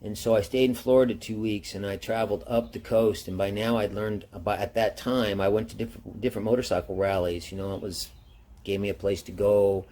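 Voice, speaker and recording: A man casually telling his own travel story in a rambling, slangy way, getting animated when quoting others. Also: on the low side, fairly quick, a little hiss or hum. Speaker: motorcycle travel vlogger.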